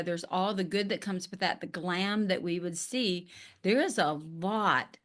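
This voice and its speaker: A woman hosting a podcast as a business coach, talking in an energetic, emphatic, encouraging way. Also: medium pitch. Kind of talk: casual interview chat.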